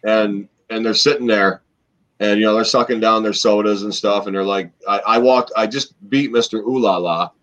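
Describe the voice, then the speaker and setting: A man's voice: lowish voice, moderate pace. Guy rambling thru old wrestling stories, lots of ums, kinda muffled lo-fi audio. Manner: rambling, animated storyteller with many fillers. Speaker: podcast co-host, former wrestler. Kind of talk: casual storytelling chat. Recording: dull lo-fi podcast audio.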